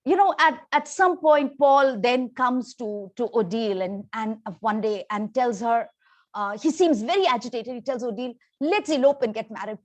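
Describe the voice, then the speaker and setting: A woman with a fairly high voice recounts a novel's story in a relaxed, chatty way. She often pauses on "um" and "you know" and restarts her sentences as she goes. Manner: conversational, with frequent fillers and restarts. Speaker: book reviewer. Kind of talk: casual book plot retelling.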